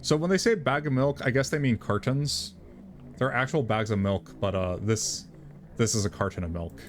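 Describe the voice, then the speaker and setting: A man's voice: medium pitch, normal speed, a little hiss or hum. A man streaming live, chatting casually between read-aloud passages, talking loosely with lots of restarts. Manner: chatty, full of restarts and fillers.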